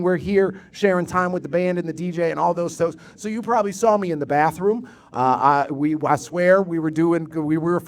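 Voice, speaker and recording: A man hosting a live comedy show in a bar, talking to the crowd with energetic, profane, rambling banter. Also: on the high side. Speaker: host and producer of the show.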